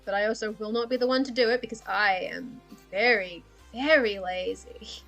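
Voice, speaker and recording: A woman's voice: mid-range voice, normal speed, creaky, a bit bright, soft background music. A woman chatting casually and rambling while she draws on a livestream, swearing, laughing and putting herself down. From Australia. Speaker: livestreaming artist. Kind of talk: casual chat while drawing on stream.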